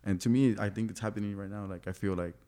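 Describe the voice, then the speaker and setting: A man's voice: lowish voice, fairly even intonation, fast, warm tone. A young man in casual conversation, animatedly telling a personal story, laughing often and acting out what people said.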